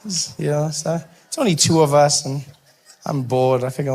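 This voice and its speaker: A man with a South African accent doing stand-up comedy, telling a story with animated bursts and mock outrage. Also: medium pitch, normal speed.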